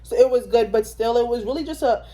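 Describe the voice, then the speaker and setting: A woman's voice: a little high, fast, dark tone. A young woman in casual chat, giving a blunt, slangy account of a concert. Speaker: concert reviewer.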